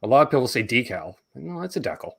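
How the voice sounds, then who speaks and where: A man's voice: fairly high pitch, expressive, very fast, creaky. A man hosting a casual livestream chat with a Canadian accent, loose and joking, swearing freely. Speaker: host.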